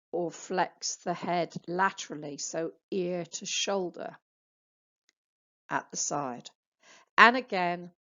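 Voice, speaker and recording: A woman therapist giving a slow, patient anatomy lecture on slides, spelling out muscle names for practice. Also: on the low side. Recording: dull lo-fi sound.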